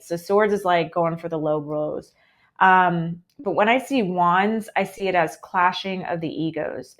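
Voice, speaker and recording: A woman with an American accent giving a chatty, upbeat live tarot reading, full of "um" and "like". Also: on the low side. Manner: chatty and upbeat, heavy with fillers like "um" and "like". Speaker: tarot reader.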